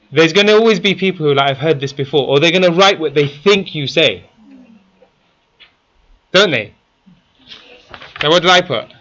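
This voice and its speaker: A man's voice: a little high, sharp tone, highs cut off. A man teaching a class, constantly quizzing his students with questions. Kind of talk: interactive classroom lesson.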